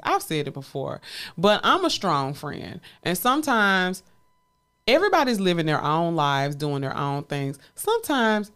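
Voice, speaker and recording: Woman co-host, frank and animated conversational delivery, quick to laugh. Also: lowish voice, smooth. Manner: candid, animated, laughs often. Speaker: podcast co-host. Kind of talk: casual chat.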